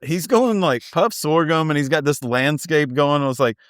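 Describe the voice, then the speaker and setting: A man's voice: fairly high pitch, animated, normal speed, dry recording. A man co-hosting a casual recap chat, easygoing, steering the rundown with dry jokes. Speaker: podcast co-host.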